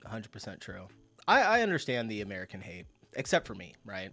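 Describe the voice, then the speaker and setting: A man's voice: on the low side, wildly swooping pitch, a little fast, fairly bright tone, soft background music. A man hosting a reaction video, chatting casually and laughing often, with bursts of disbelief. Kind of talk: casual commentary reacting to clips.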